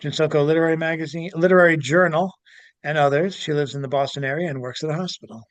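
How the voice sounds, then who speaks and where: A man hosting a casual podcast, animated, laughing easily and stumbling over words as he chats and reads aloud. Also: a little high, fast, dry recording. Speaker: podcast host. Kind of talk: casual chat and reading aloud.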